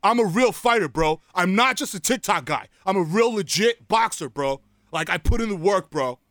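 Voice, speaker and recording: A man's voice: high voice, expressive, normal speed, fairly bright tone, no room sound, studio quality, pitched below the performer's own voice. A man playing a cocky young influencer boxer who swears and says bro constantly, in a comedy podcast sketch. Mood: defiant.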